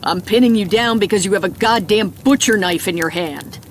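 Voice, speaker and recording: A man's voice: high-pitched, fairly quick, slight background noise. A woman voicing a stern, blunt man who gives firm commands.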